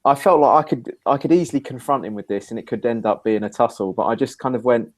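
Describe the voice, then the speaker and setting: Man, talk show host, animated storyteller, casual chat. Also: fast, few pauses. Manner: animated storyteller, rising pitch when acting out his own quoted lines. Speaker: podcast host. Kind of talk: casual conversation, telling a story.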